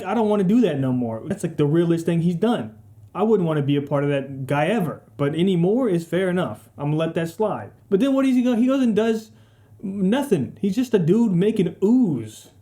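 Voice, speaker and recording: A man rambles through a casual game ranking in a mellow, somewhat high voice, swearing freely. He talks in loose slang and sarcastic asides. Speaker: gaming video creator.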